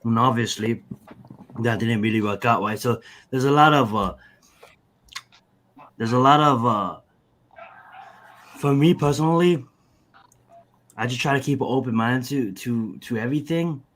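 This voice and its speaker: A man's voice: mid-range voice, unhurried, pauses often, a bit bright. A man in casual podcast chat, rambling through long answers with many fillers and restarts. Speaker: podcast guest.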